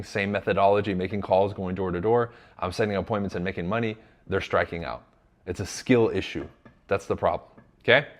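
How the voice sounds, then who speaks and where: A man giving blunt, emphatic coaching to his audience, speaking directly and sometimes swearing. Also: on the low side. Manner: blunt and emphatic, addresses the audience as "you guys"; drops into casual swearing. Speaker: sales coach. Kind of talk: direct motivational instruction.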